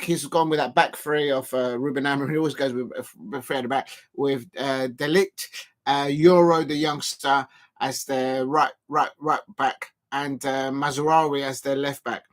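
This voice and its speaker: A man commentating live on a football match for his stream, rambling with many fillers and breaking into excited shouts at chances. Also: a little high. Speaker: football watch-along streamer.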